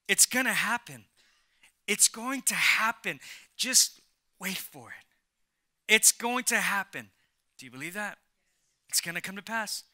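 A man preaching an energetic sermon to a church congregation, prompting the crowd to repeat lines and often restarting his words, swinging from soft asides to loud calls. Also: sits high. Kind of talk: energetic sermon with call and response. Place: church service before a congregation.

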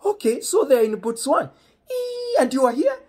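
A man voicing an eager older father who fusses with excited exclamations and stammered repeats. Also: very high voice, normal speed, pitched above the performer's own voice. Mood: excited fussing.

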